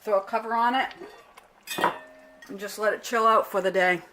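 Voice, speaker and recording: Pots, pans and cutlery clink faintly in the kitchen as a middle-aged home cook vlogger chats through a casual cooking demo. Her mid-range voice stays steady at normal speed, easygoing and unscripted, though she often trips on a word, restarts and fixes it. There's background noise.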